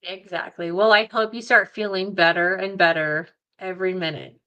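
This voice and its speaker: A woman's voice: on the low side, fairly even intonation, normal speed, bright, forceful tone, lo-fi sound. A woman joining a talk show as a guest over a video call, friendly and sympathetic. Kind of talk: casual chat.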